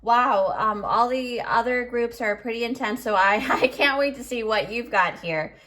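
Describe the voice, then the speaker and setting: A woman's voice: on the high side, moderate pace, a bit bright. Chatty, emotional woman reading tarot. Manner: chatty, emotional, filler-heavy. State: choked up. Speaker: tarot reader. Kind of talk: pick-a-card tarot reading.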